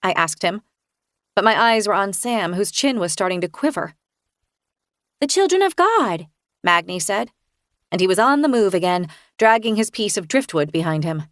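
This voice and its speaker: A woman narrates a first-person thriller with expressive tension. Her pitch sits in a middle range. The recording is close and dry, with no room sound. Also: moderate pace, no room sound. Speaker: audiobook narrator.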